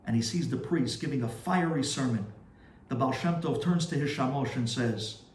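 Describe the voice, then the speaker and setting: A man, a rabbi, telling a story in a sermon with animated, dramatic delivery. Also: mid-range voice, moderate pace, recorded from a distance, a little hiss or hum. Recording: roomy echo, faint ambience.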